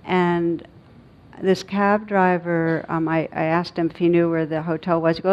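A middle-aged woman, a meditation teacher, giving a dharma talk in a reflective, halting way with many pauses and fillers. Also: fairly low pitch, flat delivery. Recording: dull lo-fi recording.

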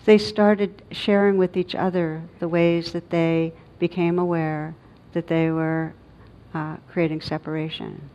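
A middle-aged woman, a meditation teacher, giving a dharma talk in a reflective, halting way with many pauses and fillers. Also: low voice, level tone, warm tone. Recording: dull lo-fi recording.

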